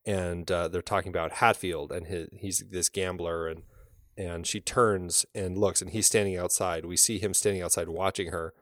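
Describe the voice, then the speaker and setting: A man with a fairly low voice talks casually, circling his point with fillers and false starts. The sound is dry and close, with no room around it. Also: no room sound. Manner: thoughtful, rambling with many fillers and restarts. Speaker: podcast co-host. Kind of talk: casual film discussion.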